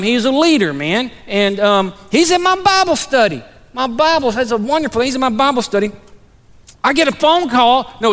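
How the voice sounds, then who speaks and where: High-voiced pastor preaching in a reverberant hall. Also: male voice. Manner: conversational, animated, with many restarts and fillers. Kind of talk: sermon with storytelling.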